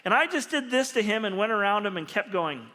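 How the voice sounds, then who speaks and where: A man preaching as a pastor, telling stories in an animated, humorous way. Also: high-pitched, fairly quick. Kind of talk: storytelling sermon. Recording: long reverb of a large hall.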